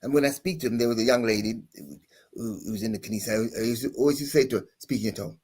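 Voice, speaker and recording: A man, a pastor guest on a panel, explaining in a halting conversational way with many restarts and sung demonstrations. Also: medium pitch, darkish tone, breathy edge.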